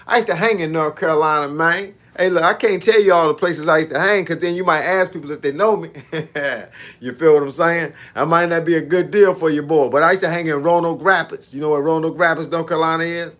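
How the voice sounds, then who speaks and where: A man's voice: fairly high pitch, fairly bright tone. A man, a fitness coach chatting casually with viewers on a livestream in laid-back, slangy banter. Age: 50s.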